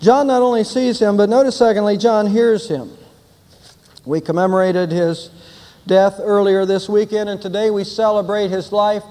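Older pastor guy preaching easter, pretty high voice, big echoey church sound. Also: steady tone, normal speed, warm tone. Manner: storytelling, emphatic declarations. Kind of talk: Easter sermon.

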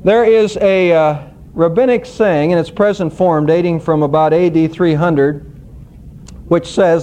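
A male pastor preaching a sermon, teaching scripture with an expressive, emphatic storytelling manner. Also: a little high, unhurried.

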